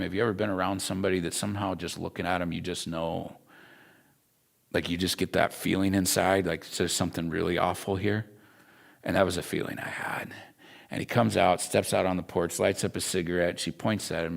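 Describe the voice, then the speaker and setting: A low-voiced man with a gravelly, creaky edge, teaching a class. He tells a personal story in an earnest, emotional way. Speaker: Bible school instructor.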